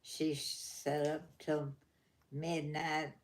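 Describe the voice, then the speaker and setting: Very old woman, slow and low. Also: little pitch movement. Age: 100. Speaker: family member on a livestream. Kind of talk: casual chat.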